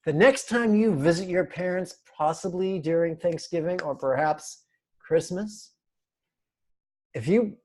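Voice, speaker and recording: A man teaching an online meditation class, speaking slowly and deliberately, with a playful manner and frequent laughs. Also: sits high, a little mellow. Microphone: video call.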